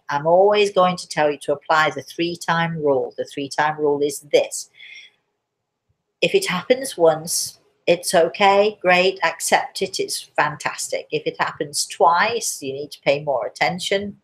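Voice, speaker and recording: A hoarse woman with a cough, hosting a live spiritual Q&A, chatty and reassuring, calling listeners darling. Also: deep voice. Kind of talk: live-stream chat answering viewers.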